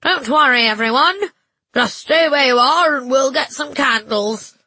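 A woman puts on a nasal bishop's voice for this storybook reading, pitched well above her usual narration and delivered loud and commanding. The tone is breathy and husky, and it sounds close and dry. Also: unhurried, no echo, full character voice, low-quality recording. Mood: reassuring. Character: nasal, reassuring male church bishop.

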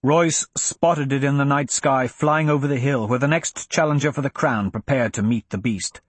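A man narrating a fantasy audiobook in an expressive storytelling manner. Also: mid-range voice, normal speed, husky, no room sound.

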